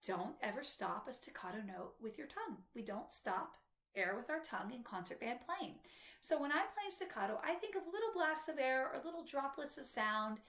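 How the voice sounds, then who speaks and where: A woman's voice: sits high, expressive, moderate pace, a bit bright, echoey room. A woman flute instructor patiently explaining music to young students in a tutorial.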